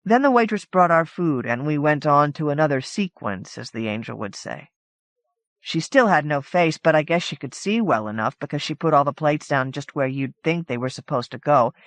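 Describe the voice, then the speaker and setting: An audiobook narrator with a low-pitched voice reads a short story from a script, telling it in a casual, conversational first person. The recording has no echo.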